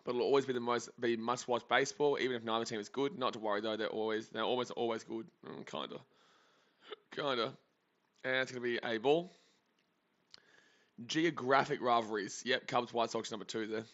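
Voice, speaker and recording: A man's voice: mid-range voice, steady tone, brisk, a bit bright, dull audio. A man from Australia gives chatty, rambling, jokey live commentary on a baseball game as a streamer. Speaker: sports streamer.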